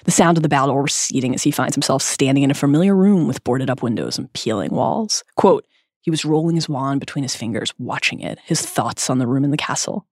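A woman hosting a podcast, reading a scripted literary analysis in an expressive, emphatic way. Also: deep voice, no echo, studio quality. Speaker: podcast host.

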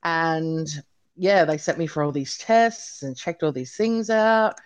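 A woman's voice: deep voice, slow, smooth. Chatty woman guest telling her story. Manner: chatty, animated, many fillers like "like" and "you know". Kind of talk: casual interview storytelling.

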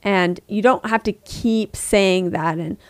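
Co-hosting a parenting podcast, a woman in her thirties keeps things casual and performs the voices of people she quotes. Her pitch is medium and her pace slow, captured in studio quality without echo.

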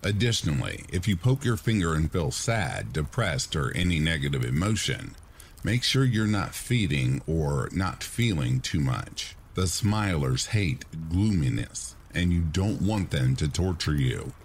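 A man with a deep voice narrates scripted horror stories meant for listeners drifting off to sleep. His delivery is measured and hushed, yet his intonation swings widely from line to line. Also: big pitch swings, slight background noise. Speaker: horror story narrator, channel host.

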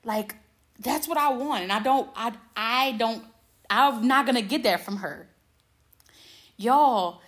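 A woman's voice: fairly high pitch, takes it slowly, pauses often, a bit bright. Candid, profane woman podcaster. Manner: candid and profane, acts out quoted dialogue. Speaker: podcast host. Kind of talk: casual confessional podcast monologue.

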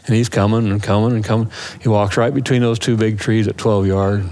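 A man's voice: on the low side, fairly quick. A man casually telling a hunting story, acting out elk calls and the voices of his companions. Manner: animated, acts out calls and voices.

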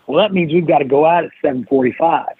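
A man's voice: fairly high pitch, fast, husky, dry recording. A man, a guest on an interview podcast, telling a long story and acting out the quoted lines of the people in it. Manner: animated storyteller who acts out quoted lines. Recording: dry, tinny phone-like line.

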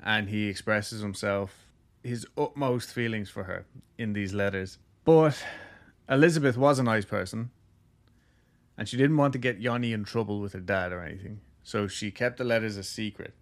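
A man's voice: fairly low pitch, moderate pace. A man hosting a podcast, casually telling a ghost story with lots of jokes and filler words. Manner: loose, jokey, heavy use of "like".

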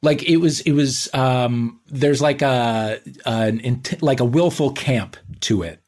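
A man's voice: mid-range voice, takes it slowly, a little mellow. A man hosting a casual chat, telling his own story with enthusiasm and self-mockery. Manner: enthusiastic, self-mocking, many fillers.

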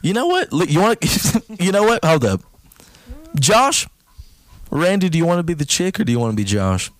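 A young man hosts a casual comedy podcast. His voice is a touch high and swings widely in pitch, and he jokes and laughs often. He sits close to a dry mic. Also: very animated, moderate pace, no echo. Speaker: podcast host.

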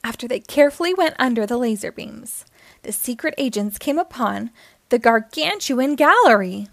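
A woman reading a children's picture book aloud, narrating with expressive storytelling. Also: fairly high pitch, normal speed, dry recording. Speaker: storytime reader.

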